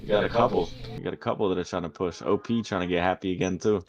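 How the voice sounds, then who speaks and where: A man hosting a live trading stream, talking through charts with excited, cussing commentary. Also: sits low, fast, highs cut off, a crowd in the background. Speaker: livestream host trading. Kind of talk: casual livestream chat.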